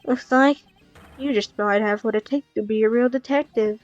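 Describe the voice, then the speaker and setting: A woman voicing a calm, composed male prosecutor who speaks in a measured, formal way. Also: a little high, no echo, faint music behind, close to an everyday voice. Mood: stern. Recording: dull dry lo-fi recording.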